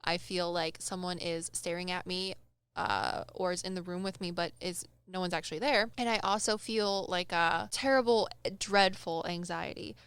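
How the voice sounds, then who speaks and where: A young woman casually telling a personal story on a podcast, animated and acting out the people she quotes. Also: lowish voice, normal speed, smooth, dry recording. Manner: animated, acts out quoted voices, laughs often. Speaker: medium telling stories on a podcast.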